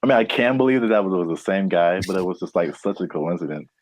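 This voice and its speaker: A man's voice: sits low, lively intonation, fast, poor audio. A man hosting a podcast, chatting casually and often laughing. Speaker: podcast host. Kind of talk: casual chat.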